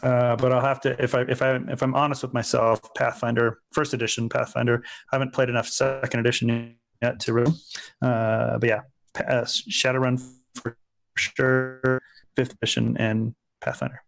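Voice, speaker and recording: A man's voice: mid-range voice, level tone, fairly quick, gravelly. Male co-host, casual gaming talk, rambling delivery with many restarts, mid-range voice. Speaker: podcast co-host. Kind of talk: casual tabletop gaming chat.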